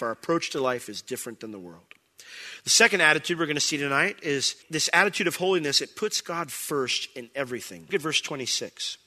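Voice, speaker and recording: A man preaching a sermon, conversational at times and rising to loud, emphatic bursts. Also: fairly high pitch. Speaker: pastor. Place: church sanctuary.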